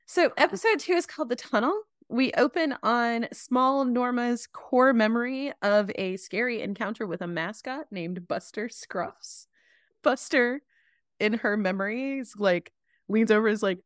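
A woman co-hosting a casual podcast who laughs often and tells an animated recap. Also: on the high side, moderate pace, no echo, studio quality. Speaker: podcast co-host recapping episodes.

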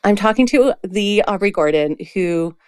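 A woman's voice: medium pitch, animated, moderate pace, clear, resonant tone, no room sound, clean studio sound. A woman hosting a podcast interview, effusive and gushing about her guest. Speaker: podcast host and coach.

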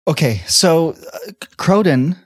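A man's voice: fairly high pitch, lively intonation, slow pace, slightly rough, no echo. A man co-hosting a podcast, wry and joking in casual chat. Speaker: podcast co-host. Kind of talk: casual chat and playful role-play.

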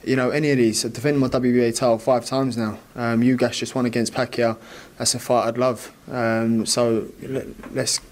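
Jeune boxeur britannique décontracté. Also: male voice, medium pitch, flat delivery, normal speed, few pauses. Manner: casual, laughs often, dismissive. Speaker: boxer. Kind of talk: post-fight interview.

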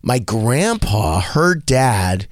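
A man hosting a radio talk show, telling a story with a lively voice that swoops up and down. He talks slowly and a bit high, acting out the people he quotes. The studio sound is close and dry. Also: dry recording. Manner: animated, acts out quoted voices in a higher pitch. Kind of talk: casual storytelling chat.

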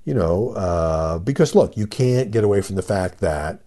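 A man's voice: deep voice, animated, normal speed, dark tone. An older man hosting a solo podcast, giving conversational commentary with fillers and emphatic rhetorical questions. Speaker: podcast host and media commentator.

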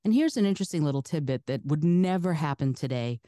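A woman from the Soviet Union, native Russian speaker, speaking broadcast-style American English as an interview guest, chatty and animated, laughing often. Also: deep voice, fast talker, no room sound, studio quality. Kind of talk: casual interview storytelling.

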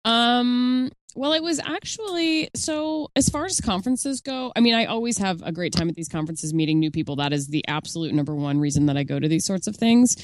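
A woman's voice: medium pitch, animated, brisk, hardly any pauses, no echo. A woman co-hosting a casual podcast, chatty and rambling as she recounts things. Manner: chatty, laughing, rambling with fillers. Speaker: podcast co-host. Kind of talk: casual chat.

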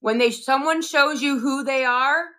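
A middle-aged woman co-hosting a casual live-stream chat, telling stories with animated back-and-forth. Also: high-pitched, unhurried. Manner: animated storyteller acting out both sides. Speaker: co-host.

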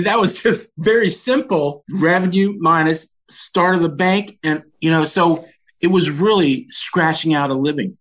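A man in his sixties from Washington, DC, a podcast guest telling stories about his upbringing in an earnest, reflective way. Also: on the high side. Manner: earnest, animated when recounting anecdotes. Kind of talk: reflective storytelling.

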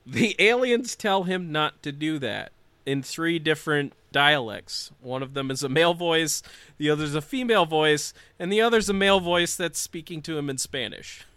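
A man hosting a podcast, telling a story in a casual, animated way with jokey asides and frequent laughs. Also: fairly high pitch, normal speed, smooth, dry recording. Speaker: podcast host.

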